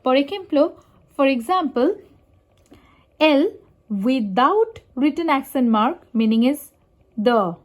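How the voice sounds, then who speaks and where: A woman Spanish teacher giving a slow, measured lesson, pronouncing example words carefully and clearly. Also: sits high, lively intonation. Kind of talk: slow explanatory language lesson.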